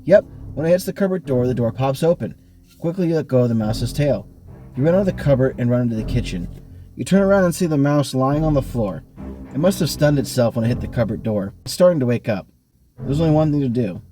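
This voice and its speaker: Man hosting an online read-along game, average pitch, animated reading, faint music behind, suits a spooky kids' adventure. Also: quick pace. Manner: animated reading, bursts of speed and pitch jumps. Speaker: game host reading the book. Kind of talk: reading a choose-your-own-adventure book aloud. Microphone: online voice call.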